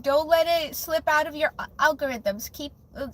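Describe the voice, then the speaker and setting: A woman's voice: high voice, normal speed, low-quality recording. A young woman hosting a live stream, chatting casually with viewers, giggling often and restarting her sentences with lots of fillers. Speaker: livestream host.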